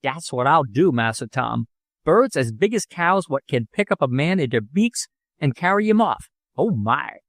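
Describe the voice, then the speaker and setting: A man doing a timid old male servant, voice pitched up. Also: sing-song, normal speed, a bit bright, no echo, clean studio sound. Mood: fearful.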